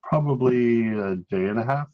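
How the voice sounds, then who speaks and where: A man voicing a calm, devout village priest in a tabletop game, his accent changing as he goes. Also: mid-range voice, highs cut off, natural voice. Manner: accent keeps switching, slow and patient.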